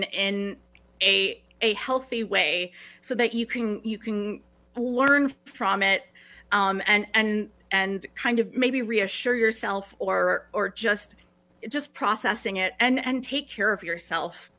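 A woman's voice: mid-range voice, pushed and bright. A middle-aged woman speaking as a guest on a talk show, earnest, often restarting her phrases. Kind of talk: reflective podcast conversation.

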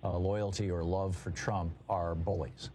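A man hosting a call-in radio talk show, taking calls and replying briskly. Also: sits low, level tone, mellow, a little hiss or hum.

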